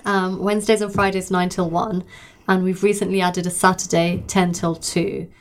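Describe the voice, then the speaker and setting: Woman charity guest, low, flat, steady delivery. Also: moderate pace, slight background noise. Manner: steady and practical, frequent ums. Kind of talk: informative interview answers.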